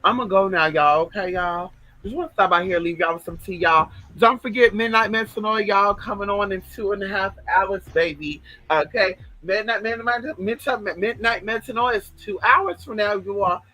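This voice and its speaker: Male livestream host, sassy and flamboyant, casual chat, bright fairly high voice. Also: moderate pace, hardly any pauses, low-quality recording. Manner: sassy, flamboyant, swears freely. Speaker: livestream host reading viewer comments.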